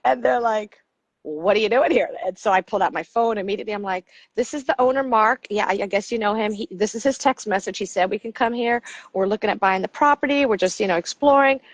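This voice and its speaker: A middle-aged American woman chats as an interview guest, spinning animated stories and slipping into the voices of the people in them. Her pitch sits mid-range, and the sound is dry and close, with little room echo. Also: fast. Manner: animated storyteller, acts out quotes. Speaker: podcast guest, coach. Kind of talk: casual storytelling interview.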